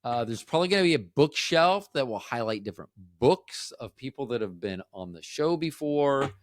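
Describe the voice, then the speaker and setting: A man's voice: mid-range voice, lively intonation, normal speed, a little hiss or hum. Rambling joking male podcast host. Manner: joking, self-deprecating, trails off and restarts. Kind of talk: rambling solo podcast chat.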